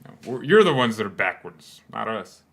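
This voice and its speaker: A man's voice: on the low side, gravelly, fairly bright tone. A man hosting a live fan watchalong, mixing match commentary with joking, rambling banter. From United States. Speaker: fan channel host.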